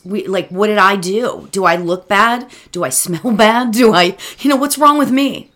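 Earnest woman, lively rambling voice. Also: mid-range voice. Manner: earnest, rambling, talks to the listener directly. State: emotional, near tears. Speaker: meditation teacher. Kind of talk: reflective solo talk.

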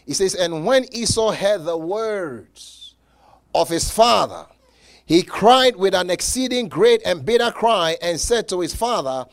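A man preaching a sermon as pastor, emphatic, with repeated words and dramatic pauses. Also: high-pitched, animated.

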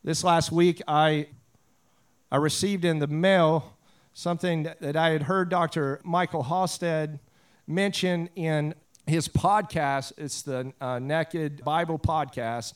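A pastor with a drawl, preaching in a high, smooth and resonant voice. He drifts from scripture reading into fervent prayer and easygoing storytelling. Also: steady tone, takes it slowly. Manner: casual storytelling with prayerful swells. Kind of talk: sermon.

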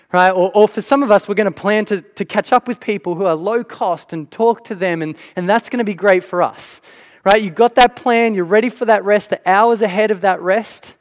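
A high-pitched man preaches to his congregation. He talks like he's chatting with them and keeps asking "right?" His voice rings out with a long reverb in a big hall. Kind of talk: sermon.

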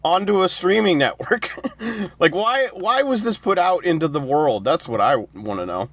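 A man's voice: sits high, lively intonation, moderate pace, fairly bright tone. A man co-hosting a movie review podcast, rambling casually with lots of "like". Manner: rambling, exasperated, says "like" a lot. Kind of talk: casual chat.

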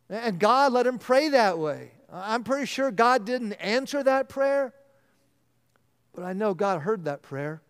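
High, smooth-voiced man preaching. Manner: earnest, drops to a hushed voice for emphasis. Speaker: pastor. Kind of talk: sermon. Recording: long reverb of a large hall.

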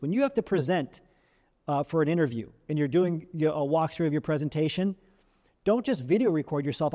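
A man's voice: on the high side, mellow, big-room sound. A man giving career advice to camera, talking casually with frequent asides and demonstrating ways of using the voice. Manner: demonstrates vocal techniques, shifts emphasis and volume; conversational, frequent "right?" asides and restarts. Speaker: career coach.

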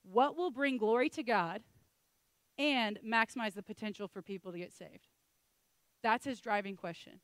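A woman preaching a sermon with energy, voicing the people she quotes as she goes. Her voice sits a little high, and the sound is dry and close, with almost no room around it. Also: moderate pace, long pauses, no room sound. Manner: animated, acts out quoted voices.

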